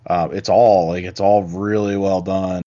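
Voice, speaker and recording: A man chatting casually about a film, halting and meandering, with casual swearing. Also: low-pitched, little pitch movement, mellow. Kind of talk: casual movie discussion. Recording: dull lo-fi sound.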